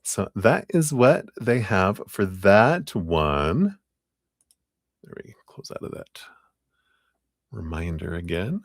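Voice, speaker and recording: A very low-pitched man reads tarot live for his viewers, chatting loosely and laughing along the way. His voice is recorded dry and close, with no room sound around it. He rambles, filling pauses with "you know". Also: sing-song, no echo. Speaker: tarot reader hosting a live stream. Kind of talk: casual livestream chat and card reading.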